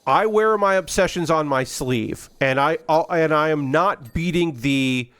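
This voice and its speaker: A man's voice: a little high, a little slow, a bit bright, clean tone. A man streaming a game, chatting casually and rambling with many fillers and restarts. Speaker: gaming streamer. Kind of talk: casual gameplay commentary.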